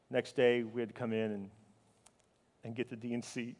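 A man's voice: mid-range voice, level tone. Impassioned male preacher in a reverberant hall. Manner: emotional storytelling, swinging from loud fervor to hushed, halting speech. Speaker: pastor. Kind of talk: sermon.

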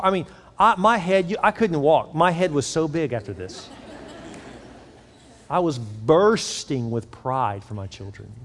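Man preaching in a reverberant church hall. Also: mid-range voice. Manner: animated storytelling, drops to a soft prayerful voice. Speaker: pastor. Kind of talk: sermon. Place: large church auditorium. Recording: long church hall reverb with faint music.

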